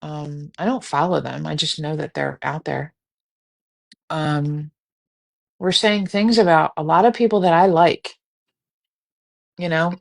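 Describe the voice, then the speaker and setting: A woman hosts a live stream in a lowish, gravelly voice. She rambles on tangents in casual chat, candid and quick to swear. A sleepy, yawning edge runs through her talk. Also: steady tone. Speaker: livestream host.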